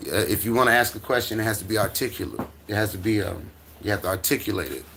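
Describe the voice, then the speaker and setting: Low-pitched and fast, this middle-aged US man chats through a noisy background on a casual home livestream. With his dog nearby, he reads viewer chat and answers loosely, stammering, restarting and chuckling as he goes.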